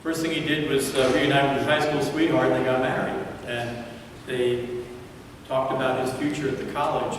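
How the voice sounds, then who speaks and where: A man preaching a sermon as pastor, telling a story dramatically and dropping to hushed tones at times. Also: mid-range voice, flat delivery, normal speed, background noise. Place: large church sanctuary. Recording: echoey church hall from far off.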